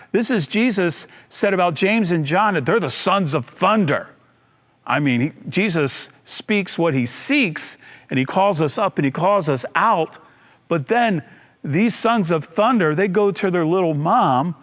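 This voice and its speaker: A male pastor with a naturally high voice delivers a sermon. He swings from bright emphatic bursts to low, quiet drop-offs and slips into the voices of people from his stories. He repeats key lines so the congregation catches them. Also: lively intonation, normal speed. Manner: acts out voices of people in the story.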